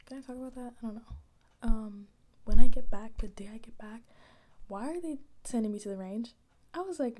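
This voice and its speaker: In a soft ASMR chat, a young woman with a fairly high, mellow and rounded voice rambles along with slang and casual asides. Her intonation is lively and her pace fairly quick, and she keeps dropping into breathy whispers between bits of quiet talk.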